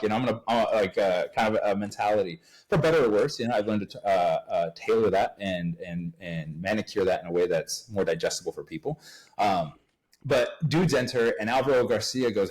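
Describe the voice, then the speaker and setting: A man from Uruguay, a podcast guest, talking with a fairly low voice. He tells his story in a casual, animated way and acts out other people's lines as he goes. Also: brisk, rough recording.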